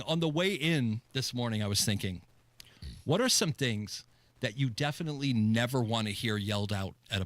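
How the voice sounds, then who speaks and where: A man on talk radio with a bright, forceful voice that swings up and down as he spins an animated story. The studio sound is dry and close, with no room around him. He breaks into shrill mimicked yells now and then. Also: no room sound. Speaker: radio show co-host. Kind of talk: casual talk radio banter. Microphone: studio microphone.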